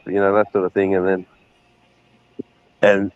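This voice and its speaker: Middle-aged man, casual rambling co-host, low voice, dry and dull mic. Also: monotone, slow, long pauses, clear, resonant tone, no echo. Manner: rambling, laughing retellings. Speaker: livestream co-host. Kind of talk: casual chat.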